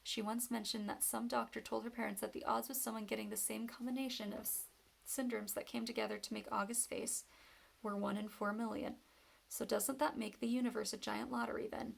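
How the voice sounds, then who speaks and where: Woman, strong vocal fry, gravelly tone, reading a novel aloud, steady storytelling. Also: fairly high pitch, fairly quick. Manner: steady first-person storytelling. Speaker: reader.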